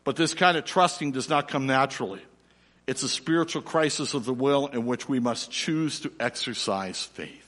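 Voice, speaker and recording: A middle-aged man, preaching a sermon and telling a lively personal story before turning quiet and slow. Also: mid-range voice. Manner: animated storyteller, drops to soft and slow for reflection. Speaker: pastor. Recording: long reverb of a large hall.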